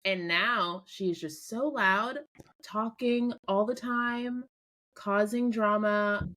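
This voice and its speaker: A woman's voice: mid-range voice, slow. A woman co-hosting a podcast, chatting casually about reality TV with lots of "like". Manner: relaxed and conversational, lots of "like". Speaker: podcast co-host. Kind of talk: casual pop-culture chat.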